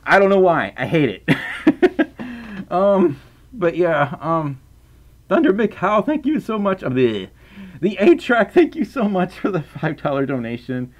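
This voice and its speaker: A man with a softened Southern US accent, reading donations on a live stream in casual chat, rambling, stammering over repeated words, and laughing often. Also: high voice, very animated, a little slow. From Southern United States.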